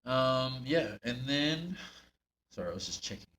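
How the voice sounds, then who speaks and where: A man with a New Zealand accent co-hosting a podcast. He chats in a relaxed way, with easy laughter. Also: mid-range voice, unhurried, slight background noise. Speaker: podcast co-host, pro wrestler. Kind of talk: casual podcast chat. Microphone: podcast microphone.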